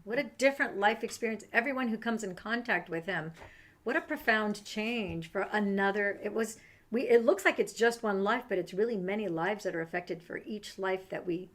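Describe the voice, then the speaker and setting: A woman's voice: mid-range voice, moderate pace. Effusive woman in casual chat.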